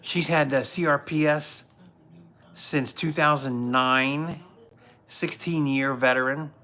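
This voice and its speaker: Bright-voiced man telling rambling stories. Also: fairly high pitch, fairly even intonation, slow. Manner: rambling, earnest storytelling with many restarts. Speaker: police officer and show host. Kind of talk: casual livestream talk.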